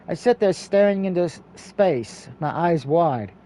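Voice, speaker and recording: A man reads the narration of a story game aloud, with a high voice and a dark, mellow tone. He stumbles over words and corrects himself as he goes. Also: expressive, a little slow, a little hiss or hum. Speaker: let's play reader.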